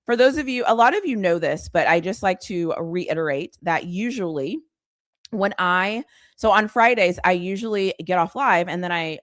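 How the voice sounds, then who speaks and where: A woman in her young adult years chats to her live audience in a loose, rambling way, circling back to the same lines over and over. Her voice leaps up and down in pitch. The sound is close and dry. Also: no room sound. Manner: excited, rambling, repeats herself. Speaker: live stream host. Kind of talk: casual live-stream chat.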